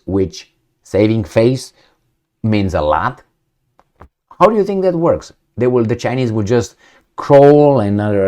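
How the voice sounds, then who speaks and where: A man with a fairly low voice gives a casual opinion monologue as the host of his own show. He lectures with sarcasm, throws in rhetorical questions, and his pitch swings up and down a lot as he talks. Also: a little mellow. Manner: sardonic, lecturing, with mocking asides and rhetorical questions. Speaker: political commentary host.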